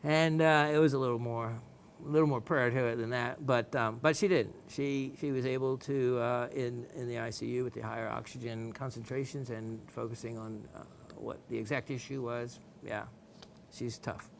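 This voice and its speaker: Middle-aged Southern man, gemstone show host, gravelly and chatty, easygoing delivery. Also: mid-range voice, steady tone, normal speed, slight background noise. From American South. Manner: folksy, rambling, playful, with frequent fillers and laughs. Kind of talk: casual chat reading viewer messages.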